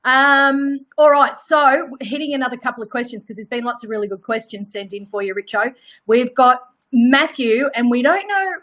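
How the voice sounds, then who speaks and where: A woman co-hosts a casual online chat, upbeat as she passes on viewers' questions. Her voice sits higher than most women's and the sound is a little dull and lo-fi. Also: expressive, normal speed, fairly bright tone. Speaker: co-host of online cooking class. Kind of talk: casual interview hosting.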